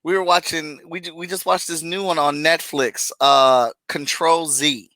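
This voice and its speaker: A high-pitched man with a bright, sharp tone holds forth in a casual podcast chat. He rants with animated exasperation, breaking into laughs between points. The sound is dry and close. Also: measured pace, no echo, rough recording. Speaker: podcast co-host.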